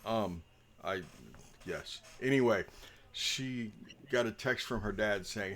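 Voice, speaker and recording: A man's voice: on the low side, unhurried, fairly bright tone. A man talking casually as dungeon master before a tabletop game, rambling and joking with lots of ums.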